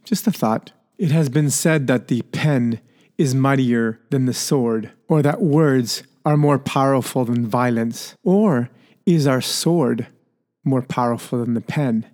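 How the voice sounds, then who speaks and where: A man's voice: mid-range voice, slow, darkish tone. A man hosting a solo podcast, musing playfully on word origins and laughing at his own coinages. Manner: playful, musing, coins words and laughs at himself. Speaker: podcast host.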